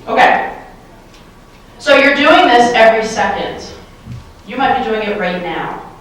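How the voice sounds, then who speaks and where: A woman's voice: fairly high pitch, animated, normal speed, fairly bright tone. A woman giving a motivational keynote to a live audience, playful and full of questions to the crowd. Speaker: keynote speaker. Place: large hall, live audience. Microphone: handheld microphone. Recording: very echoey hall, mic from far off.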